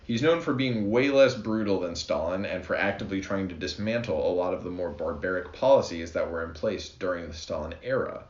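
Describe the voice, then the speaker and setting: A man's voice: low voice, brisk, hardly any pauses. A man co-hosting a podcast, chatting casually and laughing often as he explains history. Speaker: podcast co-host. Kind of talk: casual chat. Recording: roomy, dull lo-fi recording.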